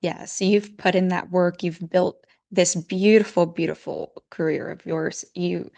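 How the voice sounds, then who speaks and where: Give me a woman interviewer with a creaky voice, effusive and praising. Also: on the low side, steady tone, unhurried, a little mellow.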